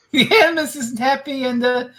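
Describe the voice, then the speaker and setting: A woman's voice: high voice, steady tone, moderate pace, fairly bright tone. A woman co-hosting a casual review chat, giggling and tossing in playful interjections. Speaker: podcast co-host.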